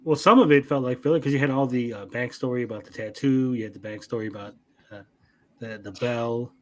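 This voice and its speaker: A man co-hosting an anime review chat, retelling scenes in a lively, profane way with mock voices. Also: medium pitch, a little fast. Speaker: podcast co-host.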